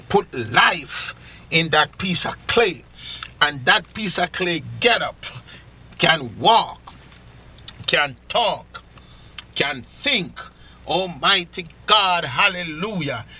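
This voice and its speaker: Jamaican preacher with a bright, high voice. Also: male voice, breathy edge. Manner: rising to loud, drawn-out emphasis on key phrases; rhythmic repetition. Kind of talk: sermon.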